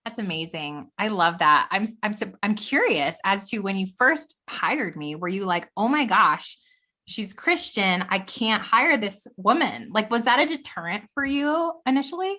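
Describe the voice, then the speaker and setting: A woman hosts a podcast, her tone bright and forceful. Her pitch moves a lot as she asks curious questions in an affirming, conversational manner. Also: lively intonation, moderate pace. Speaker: podcast host. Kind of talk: casual conversational interview.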